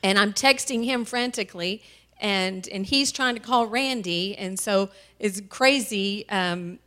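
A woman telling her family's story as a church testimony, tearful and halting, with many pauses and fillers. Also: medium pitch, sharp tone. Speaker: mother sharing a testimony. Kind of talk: emotional personal testimony. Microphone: handheld microphone.

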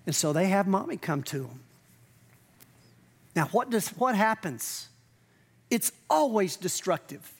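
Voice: mid-range voice, very animated, unhurried, long pauses, slightly rough. Conversational, emphatic preacher. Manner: conversational, emphatic, acts out quotes. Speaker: pastor. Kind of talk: sermon.

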